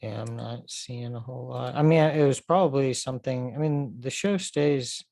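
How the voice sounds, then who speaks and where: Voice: medium pitch, moderate pace, creaky, warm tone, no echo. A podcast co-host in casual chat, thinking aloud with "um" and "like" and reading search results out.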